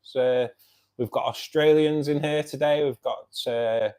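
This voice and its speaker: A chatty man from the Manchester area, speaking with a broad Mancunian accent at a mid-range pitch. He hosts a relaxed live stream from home, reading out viewers' comments and answering them by name in an easy, familiar way. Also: measured pace, clean tone. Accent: Mancunian English. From Manchester area, England. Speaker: live stream host of a fish club. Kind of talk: casual live stream chat. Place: home by his fish tank.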